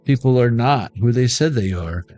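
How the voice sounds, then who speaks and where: A man's voice: medium pitch, animated, moderate pace, dark tone, faint music behind. A man giving a rambling, playful pick-a-card tarot reading, riffing from joke to joke. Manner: playful, riffing, jumps between jokes and impressions.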